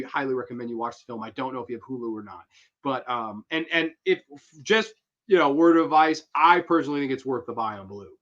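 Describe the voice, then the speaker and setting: A man's voice: medium pitch, fairly bright tone. A young man hosting a horror movie review livestream, chatting casually and rambling as he answers viewers. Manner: rambling, slangy, reads chat aloud. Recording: dull lo-fi stream audio.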